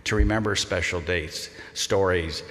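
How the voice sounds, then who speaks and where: An older man giving a memorial eulogy, telling fond anecdotes with gentle humor. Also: sits low, a little slow. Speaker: eulogy speaker. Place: large congregation hall. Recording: long reverb of a large hall.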